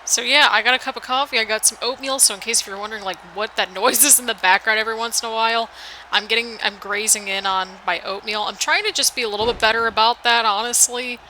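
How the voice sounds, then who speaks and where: A woman's voice: fairly high pitch, fast talker, few pauses, pushed and bright, slight background noise, rough recording. An American woman with a mixed northern, midwestern and southern accent, giving chatty, rambling play-by-play commentary over a video game. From United States. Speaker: gaming channel host.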